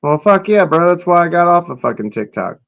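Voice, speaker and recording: A man's voice: high-pitched, big pitch swings, brisk, creaky, highs cut off. A man hosting a casual live stream, reacting to clips and chatting with viewers in an offhand, profane way. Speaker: livestream host.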